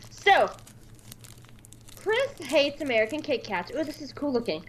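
A woman's voice: high-pitched, big pitch swings, unhurried, pauses often, slight background noise. A woman co-hosting a podcast, chatting in a giggly, playful way. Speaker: podcast co-host. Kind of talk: casual podcast chat.

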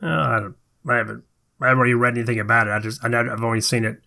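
A man's voice: medium pitch, level tone, rapid-fire, gravelly, pushed and bright. A man co-hosting a podcast in casual chat, conversational with hesitant restarts. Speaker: podcast co-host.

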